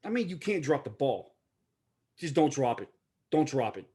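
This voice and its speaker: A man's voice: mid-range voice, big pitch swings, normal speed, warm tone, husky. Rambling man in a sports chat. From Pittsburgh area. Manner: rambling, stammering restarts, joking. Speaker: podcast co-host.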